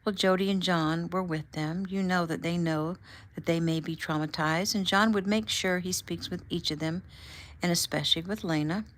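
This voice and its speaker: A woman reading the lines of a tender, reassuring husband in a gentle, soothing way. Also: fairly low pitch, steady tone, normal speed, close to an everyday voice.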